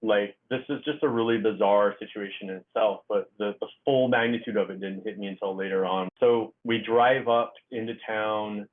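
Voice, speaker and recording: A middle-aged man with a rather low voice tells a story in a halting way, full of "um" and "like" and restarts. His voice comes through a thin, tinny, phone-like line, as if over a video call. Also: steady tone. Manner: halting, filler-heavy storytelling. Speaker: guest author. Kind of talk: casual storytelling interview.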